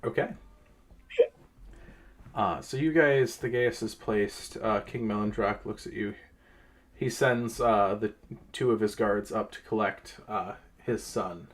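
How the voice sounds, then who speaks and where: A man's voice: lowish voice, slow pace, long pauses. A man running a tabletop game as game master, explaining rules with lots of fillers. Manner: lively, explains rules at length with frequent fillers.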